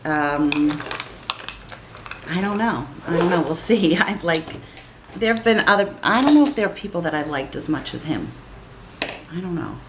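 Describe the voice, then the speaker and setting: A woman's voice: lowish voice, animated, moderate pace, long pauses, background noise. Chatty woman rambling while doing makeup. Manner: chatty, rambling, giggly and flustered. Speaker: vlogger.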